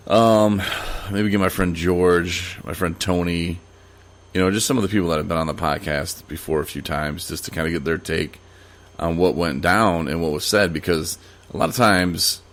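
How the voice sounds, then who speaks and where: A man hosting a podcast, talking casually and rambling, with many fillers and restarts. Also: sits low. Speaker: podcast host. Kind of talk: casual solo podcast monologue.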